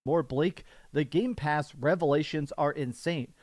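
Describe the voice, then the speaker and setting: A man's voice: on the high side, a little slow, a little mellow, dry recording, studio quality. A man in a gaming commentary video, talking in an incredulous, opinionated way.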